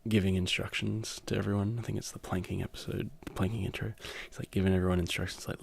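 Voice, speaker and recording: A young man hosting a casual ASMR video, rambling and jokey, moving into soft whispers. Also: low-pitched, little pitch movement, fast talker, creaky, hardly any pauses, a little hiss or hum. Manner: rambling, self-interrupting, jokey. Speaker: ASMR channel host.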